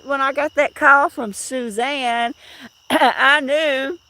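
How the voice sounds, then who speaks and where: A woman's voice: high voice, steady tone, slow pace. A middle-aged woman chatting on a casual outdoor live stream, rambling and greeting viewers by name. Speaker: livestream host.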